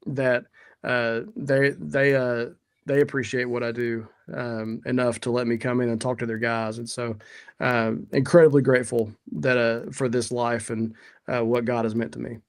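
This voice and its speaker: A man's voice: mid-range voice, level tone, moderate pace. A man speaking as a podcast guest in a sincere, hesitant way, with many fillers. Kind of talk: casual interview talk.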